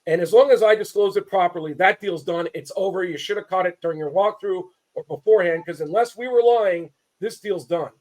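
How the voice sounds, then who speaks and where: His voice is high-pitched and darkish, and he talks a little fast with hardly any pauses. The man, a Southern Californian real estate attorney, offers impassioned, emphatic commentary, frequently breaking off and restarting sentences.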